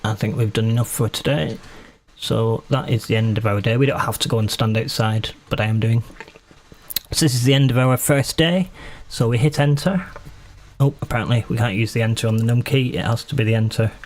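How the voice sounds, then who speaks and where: A man's voice: mid-range voice, fairly quick. A man casually commenting on his own gameplay while streaming, chatty and self-mocking as he talks to himself.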